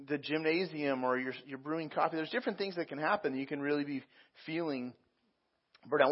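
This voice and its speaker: A man's voice: mid-range voice, gravelly, dull audio. A man preaching a sermon as a pastor, talking conversationally with frequent repeats and fillers.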